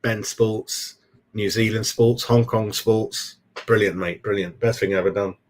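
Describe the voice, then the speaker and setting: A man's voice: fairly low pitch, fairly even intonation, measured pace. A middle-aged man chatting casually on a live fan stream, calling everyone "mate" as he goes. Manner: chatty, says "mate" a lot. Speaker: fan channel host.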